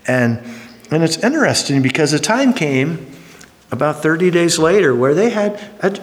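A man in his fifties preaching a sermon, telling stories with jokes, sudden high exclamations and quiet drops. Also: very animated, normal speed. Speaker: pastor. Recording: long hall reverb.

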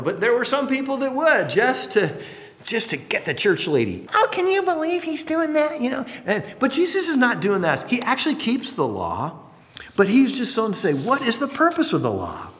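A man preaching a sermon in a conversational, animated way with playful asides. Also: fairly high pitch, big-room sound. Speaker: pastor.

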